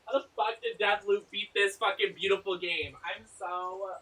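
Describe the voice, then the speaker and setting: A man streaming a game live, talking in excitable, emotional commentary and swearing freely. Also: high voice, measured pace, few pauses, husky.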